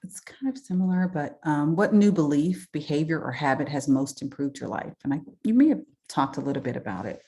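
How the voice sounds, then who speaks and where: A woman with a Southern US accent hosting an interview, chatty and quick to tell stories. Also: low-pitched. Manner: chatty, animated storyteller, frequent restarts. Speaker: interview host. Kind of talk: interview conversation.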